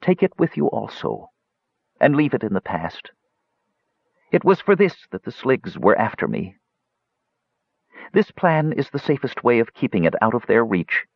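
An ancient wizard speaks slowly and gravely, full of sorrow, as a man reads him aloud. The voice is gravelly and husky and swings widely in pitch. The recording sounds dull and lo-fi. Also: sing-song, no room sound, heavily acted. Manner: slow, grave and sad.

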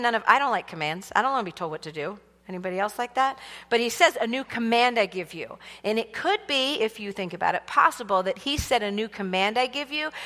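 A woman teaching a sermon in a casual, animated way, leading the congregation in call-and-response. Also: on the high side. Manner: animated, casual and conversational, teasing the audience. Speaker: church teacher. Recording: long hall reverb.

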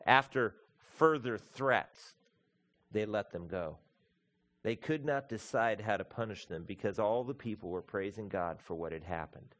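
A man's voice: fairly low pitch, fairly bright tone. A man preaching a sermon as pastor, emphatic and building through lists of repeated words, addressing the congregation as folks.

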